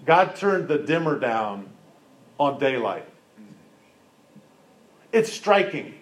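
A man preaching a sermon, retelling a scripture story and asking his listeners questions in a lively storytelling manner. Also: medium pitch, slow pace, pauses often. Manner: storytelling, animated, asks the congregation questions. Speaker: pastor.

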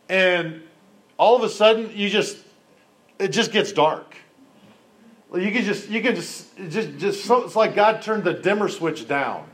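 A man delivers a sermon. He retells the scripture like a storyteller, putting questions straight to his listeners. His delivery is animated and conversational. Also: high-pitched. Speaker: pastor.

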